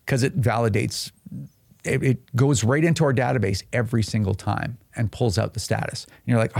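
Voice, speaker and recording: Gravelly-voiced man, casual explainer, mid-low pitch, dry close sound. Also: a little mellow, no echo. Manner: conversational, acts out little exchanges in quick voices. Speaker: advocacy group leader.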